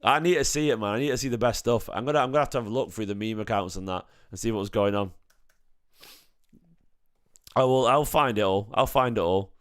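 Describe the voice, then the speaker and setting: A man hosting a live-stream fan chat, slightly hoarse from singing, excitable and emotional, repeating his phrases. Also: lowish voice, fairly quick, no echo, clean studio sound. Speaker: fan channel host.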